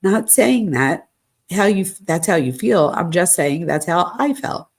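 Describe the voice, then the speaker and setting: A woman's voice: on the low side, lively intonation, measured pace. A woman reading aloud the text messages of a hurt young man who wants an apology, in a lightly raised voice.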